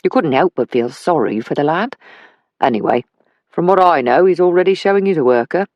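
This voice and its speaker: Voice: medium pitch, expressive, fairly quick, dry recording, lo-fi sound, natural voice. A narrator voicing an older working-class father who talks plainly and kindly in an audiobook. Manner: plain, homely speech. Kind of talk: audiobook character voice.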